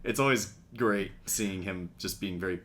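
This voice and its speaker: A man's voice: deep voice, normal speed, a bit bright. A man co-hosting a podcast, cracking wry jokes in casual chat and laughing as he reads out favorite lines. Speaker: podcast co-host. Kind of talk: casual chat about a cartoon.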